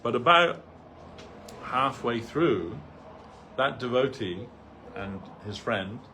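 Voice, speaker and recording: A man's voice: medium pitch, animated, slow pace, bright, forceful tone, a little hiss or hum. A man giving a loose, anecdotal talk on a spiritual reading, full of "like" and "you know". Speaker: devotee speaker. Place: temple hall.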